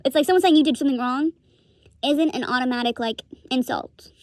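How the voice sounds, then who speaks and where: A woman's voice: sits high, a little fast, a little mellow, no room sound. A young woman giving a rambling, profane commentary rant, laughing often as she talks. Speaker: streamer commentator.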